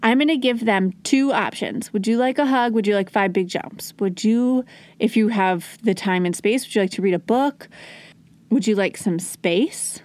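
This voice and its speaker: A woman hosting a podcast, explaining parenting ideas calmly and modeling gentle phrases to say to small children. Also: mid-range voice, measured pace, dry recording. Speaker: podcast host. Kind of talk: solo parenting advice talk.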